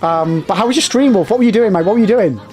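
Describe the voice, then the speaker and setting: Casting: young male streamer, high voice, thrilled and still shaking from a victory, faint music underneath. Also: quick pace, a little mellow. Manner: elated and jittery, talking to chat in bursts. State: shaky with nerves after a win. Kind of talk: excited live-stream chat.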